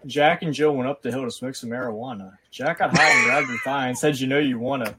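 A man's voice: medium pitch, wildly swooping pitch, fast, heavy background noise. A young man joking crudely as a co-host on a casual podcast.

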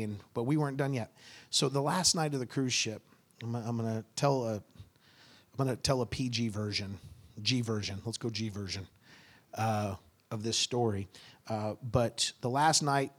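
Pastor telling a story from the pulpit. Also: male voice, mid-range voice. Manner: animated, acts out dialogue; relaxed, conversational. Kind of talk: sermon storytelling.

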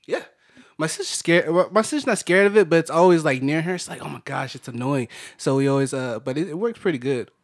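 A man co-hosting a podcast, rambling through a family story with excited restarts. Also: on the high side, fast. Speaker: podcast co-host. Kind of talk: casual storytelling chat.

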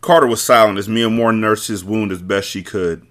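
A man's voice: fairly low pitch, fairly even intonation, normal speed, fairly bright tone. A man hosting a book club podcast, reading a novel aloud and breaking in with wry, joking asides. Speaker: host, book reader. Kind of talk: audiobook-style reading with commentary.

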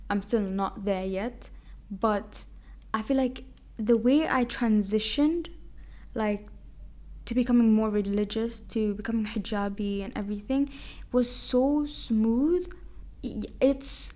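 A young woman hosting a podcast, telling a personal story in a casual, chatty way, with Arabic religious phrases mixed into her speech. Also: medium pitch. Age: young adult. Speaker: podcast host. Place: home, a cat heard nearby.

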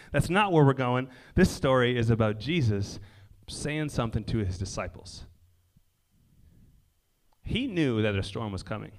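At an indoor gathering near a lake, a preacher gives a casual, conversational sermon. He frequently checks in with "right?" and drops his voice low and quiet for emphasis.

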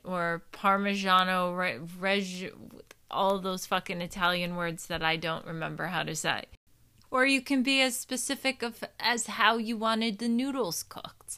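A woman's voice: mid-range voice, sharp tone, clear, resonant tone. A woman with a New Jersey accent giving a candid, casual self-help talk to her community, swearing now and then. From New Jersey, USA. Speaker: personal growth host. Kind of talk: casual monologue.

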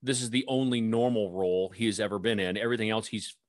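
A man's voice: fairly low pitch, fairly even intonation, fast talker. A man co-hosting a podcast in casual chat, trading dry, wry banter with his partner. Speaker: podcast co-host.

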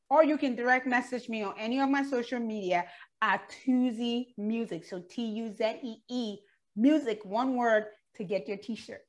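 A woman hosting an online show, talking in an upbeat, enthusiastic way and laughing often. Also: a little high. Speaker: show host. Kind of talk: casual chat.

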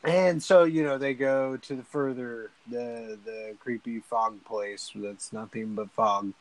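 A man's voice: mid-range voice, steady tone, takes it slowly, poor audio. A young man casually recapping a movie in a rambling, laid-back way, swearing often.

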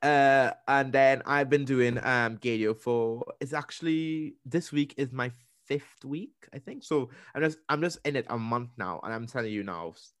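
A young man tells a story in a casual chat, full of energy and acting out the other people's voices. His voice sits at an ordinary middle pitch. The sound is dry, with no room echo. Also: moderate pace. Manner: animated, acts out quoted voices with big pitch jumps. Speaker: radio presenter and podcaster.

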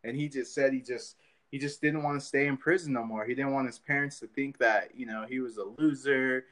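A man's voice: mid-range voice, steady tone, a little fast, a bit bright. Man, podcast host, casual rambling chat, swears freely, middle voice. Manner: rambling, loose, with lots of fillers and swearing.

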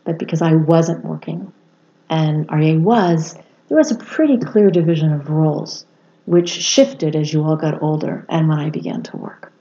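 A woman in her sixties, a podcast guest and mother, speaking in a soft, measured and reflective way. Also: low voice. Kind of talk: reflective conversation. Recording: dull lo-fi sound.

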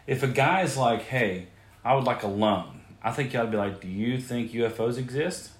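Medium in pitch and moderately paced, this male podcast host mocks bizarre headlines with plenty of swearing. He sounds crude and incredulous, bursting out animatedly, all in an echoey room.

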